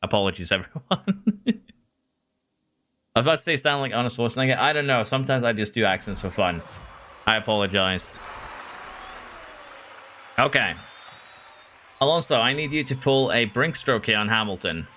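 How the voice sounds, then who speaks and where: A man streaming a racing management game, talking excitedly to his drivers and reading chat. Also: medium pitch, normal speed, long pauses, slight background noise. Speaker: gaming streamer. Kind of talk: live game commentary.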